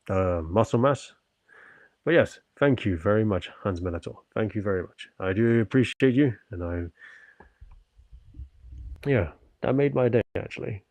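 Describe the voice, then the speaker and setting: A man's voice: fairly low pitch, darkish tone, no echo. A man from the UK chatting on his livestream, answering viewers politely and earnestly after a stretching session. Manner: polite and earnest, often thankful; talks while stretching and working out.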